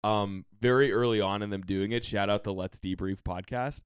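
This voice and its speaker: A man's voice: lowish voice, steady tone, normal speed, clear, resonant tone, no room sound. A young man co-hosting a podcast, rambling casually with lots of fillers. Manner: rambling, filler-heavy, easygoing. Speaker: podcast co-host. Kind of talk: casual chat.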